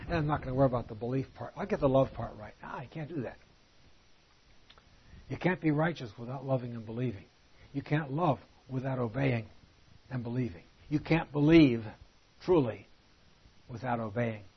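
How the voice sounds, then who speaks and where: Through dull audio, a man with a slightly rough voice that sits a little high teaches a Bible passage conversationally. He reads scripture in a slow, deliberate way and poses rhetorical questions along the way.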